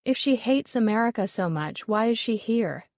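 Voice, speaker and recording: A woman's voice: on the high side, expressive, moderate pace, a little mellow, no room sound, studio quality. A woman voicing an eager, polite young woman appraiser.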